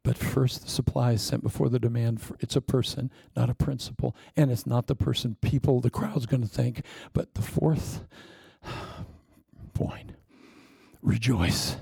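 A man preaching a sermon with lively storytelling, acting out quoted voices along the way. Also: mid-range voice, unhurried, vocal fry, husky, dry recording.

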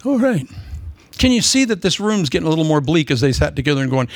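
A man preaching a humorous sermon, sarcastic and animated, slipping into mock voices. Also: on the high side, fast, no echo.

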